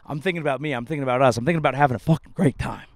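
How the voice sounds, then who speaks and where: A man's voice: medium pitch, racing, no echo, clean studio sound. A man in his thirties, a comedian hosting his podcast, delivering a profane and sardonic rant from outdoors by a lake. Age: 30s.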